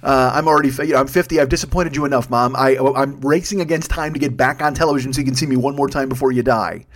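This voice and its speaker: A man's voice: mid-range voice, quick pace. A man in his fifties hosting a podcast with a profane, self-deprecating, rambling comedic monologue. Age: 50s. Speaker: podcast host.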